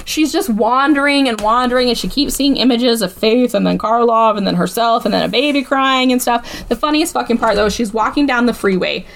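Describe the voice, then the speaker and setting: A woman's voice: a little high, fairly quick, gravelly, hardly any pauses. A woman co-hosting a podcast, casually recapping a bad movie with lots of "like" and swearing. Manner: animated storytelling, swears, fillers like "like". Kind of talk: casual chat.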